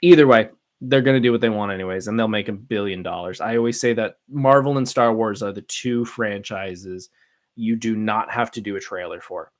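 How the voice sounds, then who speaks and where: A man's voice: lowish voice, normal speed. A man hosting a solo podcast, chatting casually and giving his opinions in a rambling way, with many fillers and restarts. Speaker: podcast host.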